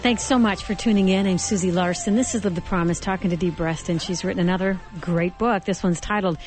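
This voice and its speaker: A woman hosting a Christian radio talk show, interviewing an author with gentle, affirming murmurs. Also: on the low side, a little fast, soft background music. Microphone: studio microphone.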